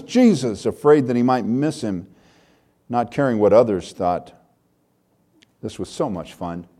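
A man's voice: medium pitch, warm tone. An older man preaching a sermon, reading a story aloud in an earnest, heartfelt way.

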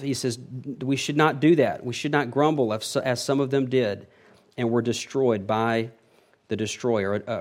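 A male pastor delivering a verse-by-verse sermon. His voice sits at a middle pitch and swings between forceful emphasis and quiet drops. He restarts phrases as he explains. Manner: emphatic, rising and falling in loudness, self-correcting restarts. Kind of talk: expository sermon.

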